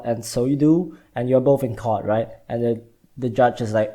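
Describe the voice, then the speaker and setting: A young man hosting a vlog, talking casually in an animated, rambling way and often repeating words. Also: medium pitch, moderate pace. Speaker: vlog host. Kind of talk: casual explanatory vlog talk.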